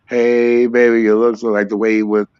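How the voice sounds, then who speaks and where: A man's voice: medium pitch, flat delivery, normal speed, smooth, dull audio. A man from New York, a rapper guest, talking loosely in a casual interview and drifting from one thought to the next. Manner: rambling, sings snatches of songs.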